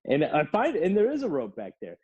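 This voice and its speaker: A man's voice: a little high, huge pitch swings, a little fast, a little mellow, husky, lo-fi sound. A man casually telling a long, rambling story on a podcast, laughing and swearing.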